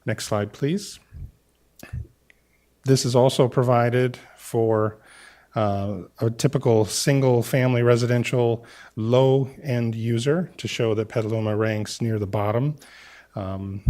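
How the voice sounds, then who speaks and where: A city staff member presenting to a council meeting, speaking in a measured way with frequent "uh" fillers. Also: male voice, mid-range voice, fairly even intonation, dark tone. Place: council chamber.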